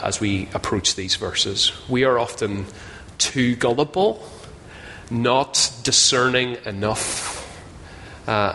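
A man's voice: lowish voice, bright, forceful tone, a little hiss or hum. A man preaching a sermon in a conversational, self-deprecating way, often putting questions to his listeners. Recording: long hall reverb, faint ambience.

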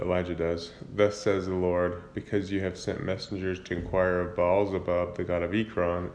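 Low-voiced man casually retelling scripture. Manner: informal, with fillers and self-corrections. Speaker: Bible reader retelling scripture. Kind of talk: casual Bible summary and commentary.

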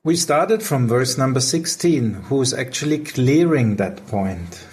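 Man, measured devotional discussion leader, unhurried explanatory delivery. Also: medium pitch, expressive, a little hiss or hum.

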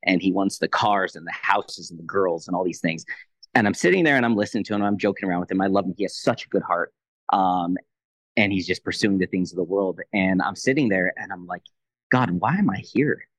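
A man in his thirties with a fairly low voice tells a personal faith testimony on a podcast. He retells a conversation in a quick, animated way, playing out both sides. The sound is dry and close to the mic. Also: no echo, poor audio. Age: 30s. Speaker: Christian leader, podcast guest.

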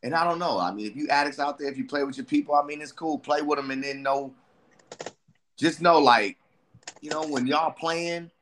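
Male storyteller, animated, keeps slipping into character voices. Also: a little high, moderate pace, slight background noise. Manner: animated, acts out voices of himself and friends. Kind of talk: casual storytelling chat.

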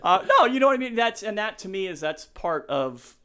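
A man's voice: sits high, sing-song, a little fast, sharp tone, clear, resonant tone. Earnest, sentimental middle-aged man. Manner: earnest, openly sentimental, rambling with many restarts. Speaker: real estate agent, guest. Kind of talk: casual podcast interview.

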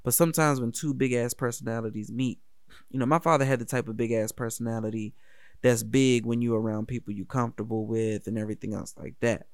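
A man's voice: mid-range voice, steady tone, quick pace, smooth, no room sound, clean studio sound. A man telling a personal story in a casual, candid, profane way. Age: adult.

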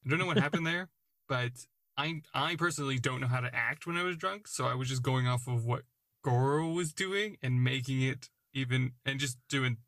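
A man's voice: mid-range voice, fairly quick, a bit bright, no echo, clean studio sound. A man who is the game master, chatting on a podcast, agreeable and laughing often. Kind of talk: casual podcast chat.

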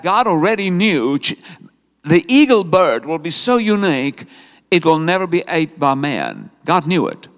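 High, lively male preacher in a hall. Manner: animated and humorous, rhetorical questions to the congregation. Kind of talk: sermon. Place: church hall.

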